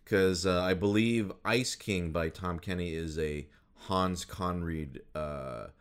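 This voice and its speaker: Very deep-voiced man, halting casual chat. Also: clear, resonant tone. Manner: rambling, halting, many fillers and restarts.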